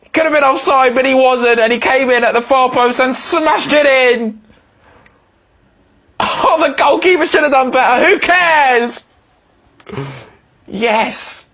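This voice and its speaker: Excitable man commentating a football game. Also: unhurried, long pauses. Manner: swings from low muttering to high shouting. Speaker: gaming video host.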